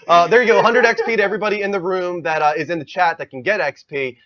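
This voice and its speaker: A man hosting a casual gaming podcast, reading out announcements in a brisk announcer style. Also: high voice, a bit bright. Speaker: host. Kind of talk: casual livestream podcast chat. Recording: dull lo-fi stream audio.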